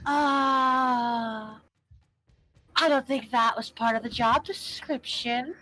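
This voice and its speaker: A woman's voice: high voice, fairly even intonation, slow, bright, forceful tone, low-quality recording. A woman playing a tabletop game, speaking in an offhand, dry way and laughing often. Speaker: player.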